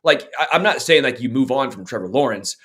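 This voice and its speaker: A man's voice: medium pitch, lively intonation, brisk, a bit bright. A man co-hosting a sports podcast, giving blunt, opinionated takes and often repeating words as he restarts. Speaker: podcast co-host. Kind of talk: casual sports podcast chat.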